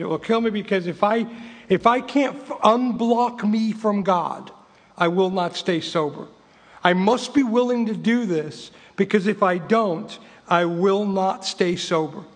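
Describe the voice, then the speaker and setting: Man, 50s, high-pitched voice, recovery meeting speaker, emphatic, repetitive, wry. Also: big-room sound. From England. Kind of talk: personal recovery talk with book reading.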